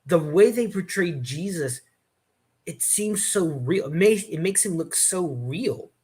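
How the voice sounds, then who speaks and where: A man's voice: high voice, lively intonation, a little slow, a crowd in the background. A man hosting a casual chat, telling rambling stories with many restarts. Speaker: host.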